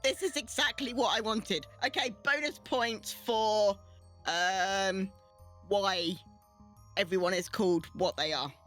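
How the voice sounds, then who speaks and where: A woman's voice: medium pitch, slow, a bit bright, faint music behind. A woman running a tabletop game as game master, teasing her players playfully.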